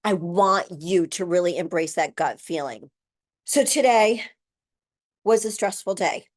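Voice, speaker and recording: A woman in her sixties hosting a podcast, talking candidly and emotionally, swearing freely and shifting her pace for emphasis. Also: lowish voice. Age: 60s. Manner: speeds up and slows down for emphasis. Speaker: podcast host. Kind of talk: personal monologue.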